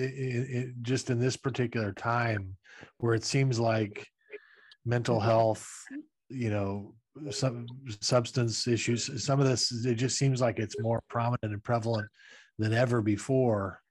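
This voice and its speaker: A male interview host with a mid-range voice who asks his questions with open curiosity. He stumbles and restarts often, circling his point in a relaxed, unscripted way. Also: medium pitch. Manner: curious, halting, many restarts. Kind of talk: casual interview chat.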